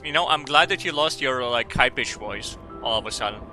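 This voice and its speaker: A man's voice: medium pitch, brisk, few pauses, sharp tone, soft background music. A man streaming a video game, rambling and joking with frequent laughter and swearing. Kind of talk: casual gaming stream commentary.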